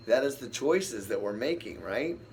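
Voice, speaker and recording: A man's voice: mid-range voice, expressive, moderate pace, a little mellow, a little hiss or hum. A man leading a casual Bible study, rambling, thinking aloud and answering the verses he reads. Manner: rambling, thinks aloud and talks back to scripture.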